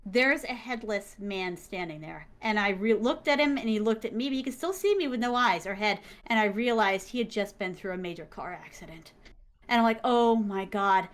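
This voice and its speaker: A young woman, an interview guest, telling a story in casual chat, animated and full of fillers and exclamations. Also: medium pitch, a little fast.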